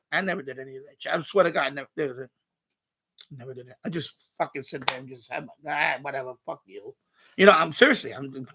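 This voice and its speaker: A man hosting a live stream, telling a casual story with lots of swearing and laughter. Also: high-pitched. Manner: animated, swears often, laughs through the story.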